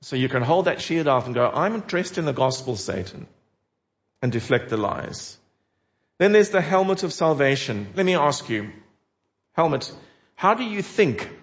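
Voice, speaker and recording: A man's voice: on the high side, big pitch swings, moderate pace. A man preaching a sermon in an earnest, emphatic way, putting direct questions to his listeners. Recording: dull lo-fi recording.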